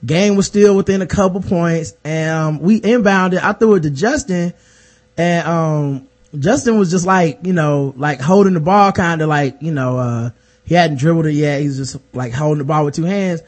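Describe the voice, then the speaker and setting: A man's voice: a little high, normal speed. A young man casually telling a basketball story with lots of fillers, acting out quotes now and then.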